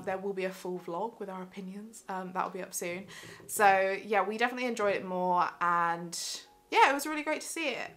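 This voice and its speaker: A woman's voice: medium pitch, fairly bright tone. A young woman chatting enthusiastically in a casual vlog about the theatre shows she has seen. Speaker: theatre vlogger.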